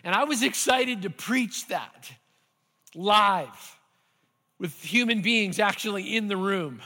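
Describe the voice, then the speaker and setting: A man preaching a sermon as pastor, earnest and building at times to animated intensity, in a church sanctuary. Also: sits high, slow. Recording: hall reverb.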